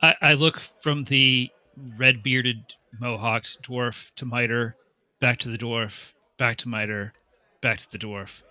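A man playing a tabletop role-playing game, narrating his character's actions deliberately. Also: mid-range voice, fairly even intonation, pushed and bright, no room sound. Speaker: player.

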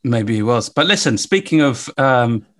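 A man hosting a podcast, relaxed and hesitant, with many fillers. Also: medium pitch, moderate pace. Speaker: podcast host. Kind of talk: casual chat.

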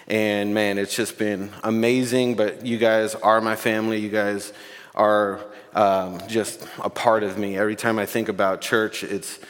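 A man's voice: lowish voice, little pitch movement, measured pace. Casual, emotional man preaching in a reverberant church. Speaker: guest preacher. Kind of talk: sermon. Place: church sanctuary. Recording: long hall reverb.

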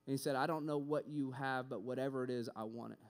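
A young man giving a sermon built on a personal story, animated, acting out both sides of conversations and often repeating words when excited. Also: mid-range voice, fast. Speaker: preacher.

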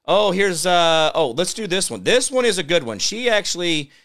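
A man's voice: sits high, big pitch swings, moderate pace, a bit bright. A man hosting a political commentary show, ranting sarcastically and mocking others with put-on voices. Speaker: host.

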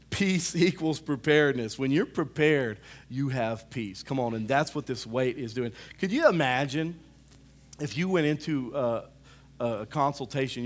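Preacher man calling out to his congregation. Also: mid-range voice. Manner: animated, swings from loud calls to hushed asides; repeats "come on" to the congregation. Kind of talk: sermon.

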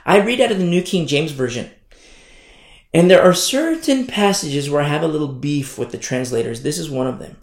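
A man's voice: a little high, lively intonation, normal speed. A man preaching a sermon as pastor, pressing home his points with repeated rhetorical questions. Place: church hall. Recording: echoey church room.

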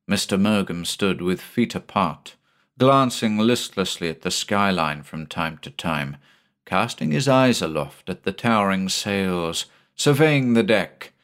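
Low-voiced man narrating a sea story. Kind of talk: scripted audiobook narration.

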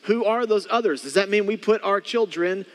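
Earnest pastor preaching in a reverberant hall. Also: male voice, high-pitched, moderate pace. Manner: earnest, repeats phrases, drops to soft quiet tones for emphasis. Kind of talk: sermon.

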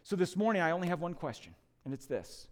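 A male pastor preaching in church with a high, very animated voice. He swings between loud proclamation and quiet pleading. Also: fast talker. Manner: emphatic, swinging from loud to hushed. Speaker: lead pastor. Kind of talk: Easter sermon.

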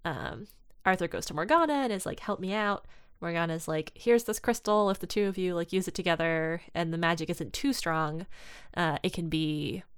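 A woman with a low, smooth voice in casual chat, recapping a story and slipping into the characters' lines as she goes. The sound is dry and close, with no room around it. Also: moderate pace, few pauses, no echo. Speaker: podcast co-host discussing fan fiction.

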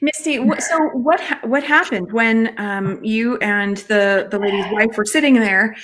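A woman interview host with a slightly high voice. She speaks in brief, supportive reactions that keep her guest talking. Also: unhurried, fairly bright tone, slight background noise. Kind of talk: interview conversation.

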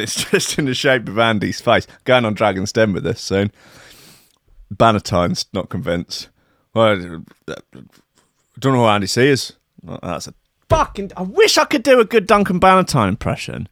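A man hosts loose solo commentary, playful and full of swearing. His voice sits low. The sound is dry and close, with no room around it. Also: very animated, normal speed, a bit bright, no echo. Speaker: host.

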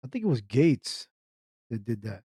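A man's voice: medium pitch, big pitch swings, moderate pace, dark tone, slightly rough, dry recording, studio quality. A man hosting an internet radio show, ranting in a casual live commentary, repeating himself and firing off rhetorical questions while reacting to chat. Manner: ranty, repetitive, asks rhetorical questions.

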